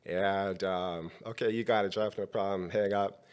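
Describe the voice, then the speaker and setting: A man's voice: low-pitched, fairly even intonation, moderate pace, smooth. A middle-aged man, a podcast guest, telling a long personal story and acting out the dialogue of the people in it.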